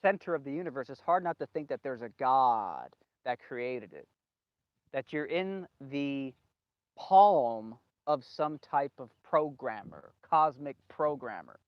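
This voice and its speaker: A man with a mid-range, expressive voice speaks a little slowly in a solo video monologue, rambling, repeating himself emphatically and losing his train of thought. The recording sounds dull and lo-fi, dry with no echo.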